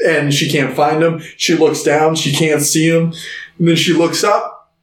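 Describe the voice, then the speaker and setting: A man's voice: a little high, little pitch movement, unhurried. Casual man recapping a film, echoey. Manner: retells scenes, acting out quotes. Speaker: podcast co-host.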